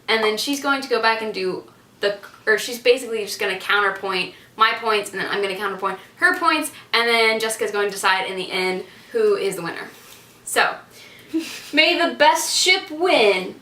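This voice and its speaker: A woman's voice: mid-range voice, moderate pace, bright, forceful tone, distant mic. A young woman hosting a casual chat with friends, giggly and chatty. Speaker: host. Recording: roomy sound from a camera across the room.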